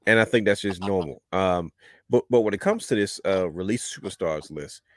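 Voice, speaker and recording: Man, podcast host, casual rambling chat, low pitch, dry. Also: normal speed, no echo. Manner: rambling, calls listeners brother.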